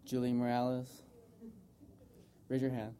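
A man's voice: mid-range voice, completely flat delivery, a little slow, dark tone. A young man from the United States giving an earnest, rambling tribute to his mother in front of a group, with lots of fillers. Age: young adult. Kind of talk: informal public speech.

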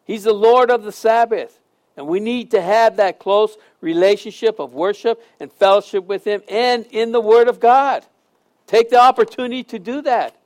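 A man preaching a sermon, telling jokes and stories and asking the congregation questions. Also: high voice. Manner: lively storytelling, jokes, asks the congregation questions. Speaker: pastor.

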